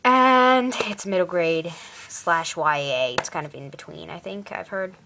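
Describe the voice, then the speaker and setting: A woman's voice: fairly low pitch, measured pace, vocal fry, background noise. A teenage girl vlogging about the books she plans to read, chatty and rambling, in a put-on British accent. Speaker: book vlogger. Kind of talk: casual book chat to camera.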